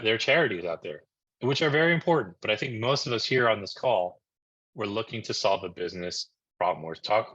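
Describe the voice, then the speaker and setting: A man from New Jersey giving a live marketing presentation on a video call, energetic and conversational, often checking in with "right?". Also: fairly low pitch, muffled recording. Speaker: marketing coach presenting a webinar.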